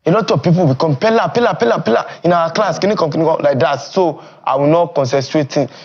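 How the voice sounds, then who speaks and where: Lively young man in Nigerian Pidgin English. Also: quick pace, slightly rough, dull audio. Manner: animated, swings high and loud. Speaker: streamer and content creator. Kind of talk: casual interview talk.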